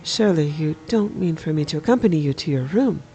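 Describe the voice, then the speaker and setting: A game streamer reading aloud as a prim, flustered male lizard-folk bard, in a soft voice. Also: medium pitch, animated, fast talker, faint music behind, natural voice.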